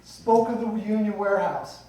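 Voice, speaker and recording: A man's voice: high-pitched, moderate pace, warm tone. A middle-aged man giving a rambling, folksy eulogy for his father, mixing light humor with emotion. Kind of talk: funeral eulogy speech. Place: funeral hall. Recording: echoey hall, distant mic, faint noise.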